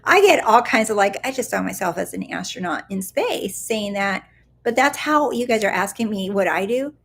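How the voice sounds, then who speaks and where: A woman coach talks casually on a live stream in a mid-pitched voice with a gravelly, fry-tinged edge. She is chatty and playful, goofs around as she answers viewer questions, and keeps checking in with her listeners. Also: lively intonation, moderate pace, fairly bright tone, slight background noise. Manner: chatty, playful and goofy, full of "like" and "do you see?". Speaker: law of attraction coach.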